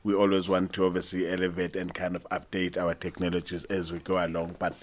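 A man with a low, even voice that holds level. He speaks as a sportswear brand representative, laying out design and technology points in practiced corporate phrasing. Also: fast, slight background noise. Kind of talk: radio interview answer.

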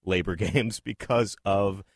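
A man's voice: on the low side, slow pace, no room sound, clean studio sound. A man hosting a casual radio interview in a broadcast booth, joking and slipping into impressions. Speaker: radio host.

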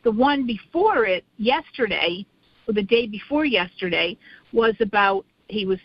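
A middle-aged woman chats on a radio talk show, circling back and restarting as she tells a story. Her voice sits at a middling pitch. The recording is dry and a little muffled. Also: expressive, unhurried, husky, no room sound. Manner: rambling storyteller with many restarts. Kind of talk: casual chat.

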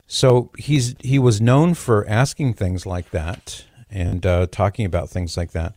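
A man hosting a call-in radio talk show, speaking in a measured, conversational way with occasional dry jokes. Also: fairly low pitch, fairly even intonation, a little mellow, no room sound.

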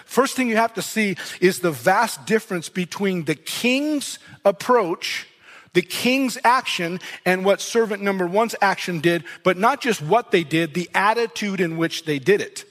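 A male pastor with a fairly high voice delivers a sermon in a conversational, explaining manner. He reads scripture aloud and then comments on it. His voice carries a long reverb from the church hall. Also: normal speed, fairly bright tone.

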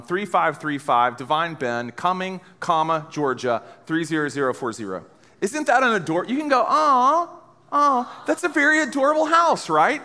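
A man's voice: high-pitched, sharp tone, long reverb tail. A man in his thirties giving a live talk to a college audience, telling stories with playful, self-mocking jokes and speaking straight to the room. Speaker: speaker at a college ministry gathering.

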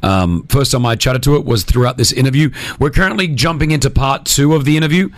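A man hosting a radio show, energetic and teasing as he runs a game with a guest. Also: medium pitch, quick pace, no echo. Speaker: radio host. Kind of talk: radio show chat and interview.

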